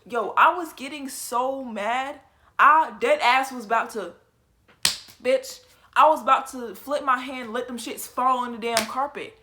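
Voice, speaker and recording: A young woman telling a story from her own life in a casual, animated and profane way. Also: high voice, a little slow, noisy background. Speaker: storytelling vlogger.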